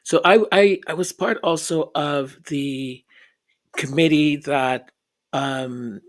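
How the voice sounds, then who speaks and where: A man's voice: a little high, slow. A man giving earnest, reflective commentary. He often repeats words as he searches for them and acts out the voices he quotes.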